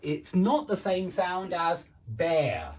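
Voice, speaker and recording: Slow, lively-voiced male English teacher. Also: high-pitched. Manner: drills words slowly, repeating them for practice. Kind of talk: online pronunciation lesson.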